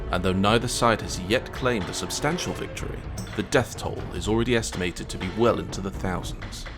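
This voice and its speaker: Deep-voiced man, deadpan mock news report. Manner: deadpan, mock-serious war-correspondent delivery. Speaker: gaming video narrator. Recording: voice-over with background electronic music.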